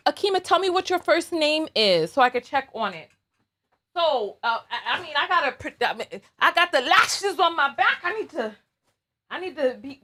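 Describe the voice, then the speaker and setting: A woman's voice: high-pitched, a bit bright. A woman hosting a casual live stream while doing her makeup, teasing viewers in a playful, dramatic way.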